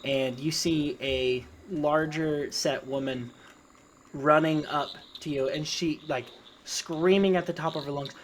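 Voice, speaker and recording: A game master man describing scenes in a loose, rambling way full of "like" and "um". Mid-pitched voice with faint crickets and insects in the background. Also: fairly even intonation, unhurried, slight background noise. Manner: rambling, filler-heavy narration. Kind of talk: narrating a tabletop game.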